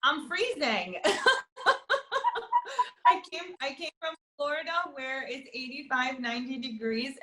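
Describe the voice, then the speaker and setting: A woman's voice: on the high side, a bit bright, reverberant. A woman, an opera soprano, chatting casually in an interview over a video call, laughing often and restarting her sentences. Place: apartment.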